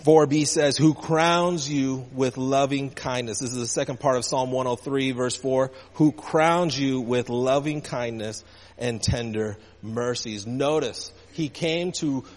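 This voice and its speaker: A male pastor preaching a sermon, calling out to the congregation, with emphasis that rises and falls. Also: medium pitch. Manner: call-and-response preaching, rising and falling emphasis. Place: church sanctuary. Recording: church hall reverb.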